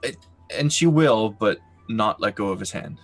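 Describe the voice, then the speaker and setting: A man describing his character's actions in a tabletop game, soft-spoken and thoughtful. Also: on the low side, expressive, moderate pace, faint music behind. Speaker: player.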